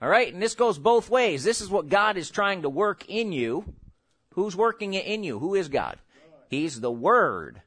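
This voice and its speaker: A male pastor delivers a sermon in a high voice that climbs and dips widely. He jokes, chuckles and suddenly shouts, then slows to a measured crawl for scripture. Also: husky. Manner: animated preaching with sudden shouts and laughter; slow, drawn-out scripture reading.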